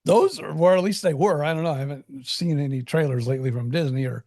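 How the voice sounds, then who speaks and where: A man co-hosting a casual podcast, talking in a playful, animated way with some hesitations. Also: on the high side, quick pace, dry recording, studio quality. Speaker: podcast co-host and radio voice performer. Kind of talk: casual chat.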